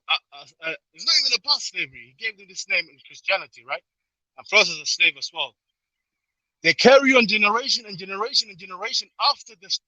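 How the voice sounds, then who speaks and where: Bright, high-voiced man, emphatic. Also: no room sound, poor audio. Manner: animated, emphatic storyteller. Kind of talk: casual chat.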